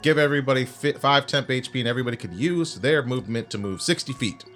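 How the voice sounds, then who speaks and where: Bright-voiced man reading game rules. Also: mid-range voice, fast talker, soft background music. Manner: reading out rules, self-correcting. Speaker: player. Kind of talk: casual tabletop game talk.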